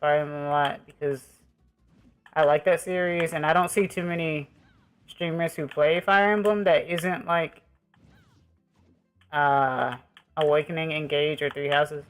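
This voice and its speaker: A man's voice: fairly high pitch, steady tone, measured pace, long pauses, clear, resonant tone, faint music behind. A man streaming a game, chatting with his viewers in an easygoing, rambling way. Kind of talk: casual live-stream chat while gaming.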